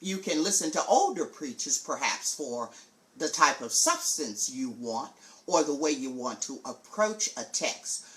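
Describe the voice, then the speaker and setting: Slow, bright-voiced woman teaching preachers. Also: very deep voice, very animated. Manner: slow, deliberate, careful enunciation. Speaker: preaching teacher, show host. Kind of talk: live-streamed teaching talk.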